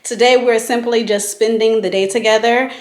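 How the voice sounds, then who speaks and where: A woman in her thirties chatting casually to viewers in a vlog, animated and slangy with frequent asides. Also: a little high, normal speed. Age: 30s. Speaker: vlogger. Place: in a car and at home.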